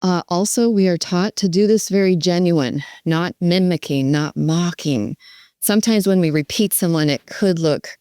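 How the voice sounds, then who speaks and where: A woman dementia care educator teaching in an animated, emphatic way, with role-play demonstrations. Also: on the low side, moderate pace, clean tone, dry recording, clean studio sound.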